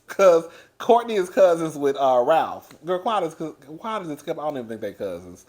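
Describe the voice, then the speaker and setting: A man giving a casual recap of a reality show, loud and animated, laughing often and chatting straight to his listeners. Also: fairly high pitch, fairly quick. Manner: chatty, addresses listeners as girl. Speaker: TV show reviewer.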